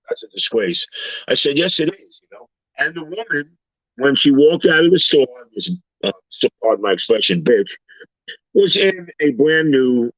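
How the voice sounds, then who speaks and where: On a casual talk panel, this man trades lively stories, imitating the voices of the people he's met. He speaks in a normal middle pitch, and the recording is dry, slightly dull and lo-fi, with no echo.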